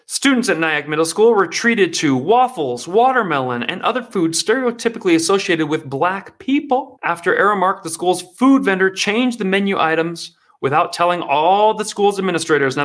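A man's voice: a little high, animated, brisk, few pauses, a bit bright. A man hosting an online commentary show, reacting to news clips in a sarcastic, emphatic way and talking straight to his viewers.

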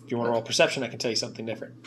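A man narrating a tabletop game as game master, animated and quick to laugh and swear at his own slips. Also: medium pitch. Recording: faint buzzing noise.

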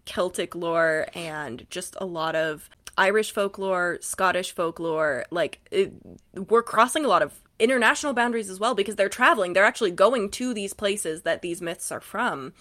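A woman co-hosting a casual book podcast, giggly and animated as she recaps scenes. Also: mid-range voice, moderate pace. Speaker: podcast co-host.

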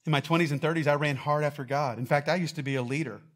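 A man giving a casual, quick-talking sermon as pastor, joking with and quizzing a live church audience. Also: on the high side, fairly even intonation.

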